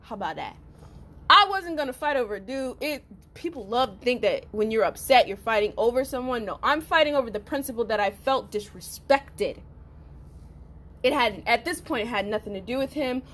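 A young woman hosting a podcast, telling a personal story in a blunt, profane, animated way with frequent laughs. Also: on the high side, normal speed. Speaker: podcast host. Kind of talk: storytelling monologue.

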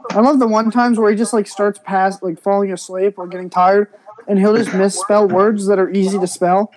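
A man's voice: sits high, flat delivery, normal speed, rough recording. A young man, a guest on a casual podcast, teasing and sarcastic with his friends. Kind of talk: casual chat.

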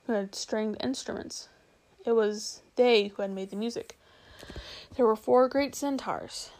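A woman reads a storybook aloud at an unhurried pace. Her voice is somewhat high with a gravelly, creaky edge. She stumbles now and then and restarts a phrase. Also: darkish tone. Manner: unhurried, with small slips and restarts.

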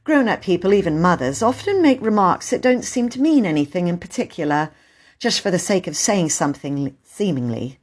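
A woman narrating a classic children's book in an expressive storytelling voice. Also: fairly low pitch, moderate pace. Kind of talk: audiobook reading.

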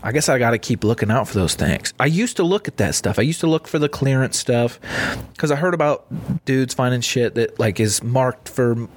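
A man's voice: animated, moderate pace. Profane young man telling casual stories. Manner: profane, rambling, acts out quotes in a higher voice. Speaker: podcast host. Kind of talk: casual storytelling.

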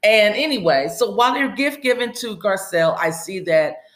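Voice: medium pitch, expressive, moderate pace, fairly bright tone. Chatty podcast host in an echoey room. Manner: chatty, rambling storyteller. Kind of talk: casual episode recap.

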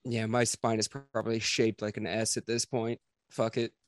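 A man hosting a casual podcast, easygoing and quick to laugh as he asks questions. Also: lowish voice, monotone. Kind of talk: casual chat.

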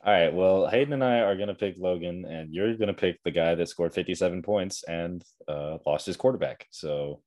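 A man's voice: deep voice, moderate pace, few pauses, darkish tone, dry recording, studio quality. A man hosting a casual podcast chat, joking and swearing freely. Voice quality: profane, joking.

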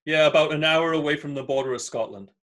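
A man with a softened Northern English accent talks in a loose, boisterous way, swearing as he goes. His voice sits a little high for a man. It is a relaxed podcast chat. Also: fast. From England, near Newcastle. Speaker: podcast guest. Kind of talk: casual chat.

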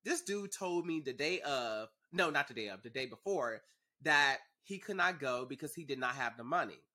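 A young man hosting a podcast, telling a story in a sassy, animated, profane way. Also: mid-range voice, moderate pace. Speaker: podcast host. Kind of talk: casual storytelling.

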